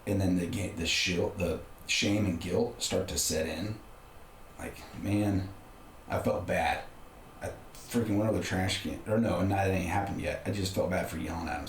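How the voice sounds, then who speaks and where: Middle-aged man, very low voice, roomy sound, candid storyteller for an interview spot. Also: fairly even intonation, moderate pace. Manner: candid, conversational, frequent restarts. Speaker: podcast guest. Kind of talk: casual personal storytelling. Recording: roomy room with faint background noise.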